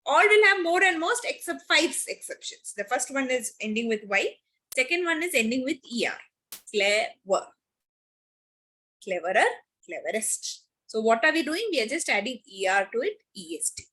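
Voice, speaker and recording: Lady teaching a kids grammar class, brightish slightly high voice, stresses and repeats words. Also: very animated. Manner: emphatic, repeats key words, slows on examples. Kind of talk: online class lesson.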